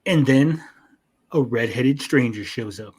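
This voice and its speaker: A man co-hosting an anime review chat, retelling scenes in a lively, profane way with mock voices. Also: mid-range voice, a little slow, slightly rough. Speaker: podcast co-host.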